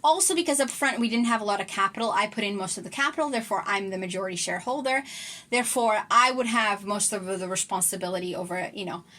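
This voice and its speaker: Bright, chatty young woman. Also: mid-range voice, quick pace. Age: 20s. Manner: chatty and enthusiastic, many fillers. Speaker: entrepreneur vlogger. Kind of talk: casual talking-head vlog.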